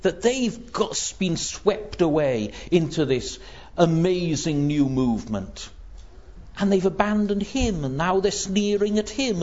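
A man preaching a sermon in an earnest, emphatic voice that sits a little high. He builds intensity as he quotes scripture. The recording is dull and lo-fi. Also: darkish tone. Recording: dull lo-fi sound.

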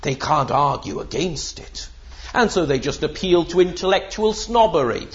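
A man's voice: on the high side, very animated, normal speed. A man preaching a sermon in an emphatic, rhetorical way, with the odd filler. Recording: dull lo-fi sermon recording.

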